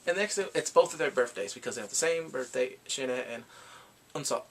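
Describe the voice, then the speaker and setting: A man giving a rambling, excitable casual recap of a TV drama, reacting with gasps and quoted asides. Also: mid-range voice, brisk, gravelly. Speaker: drama reviewer.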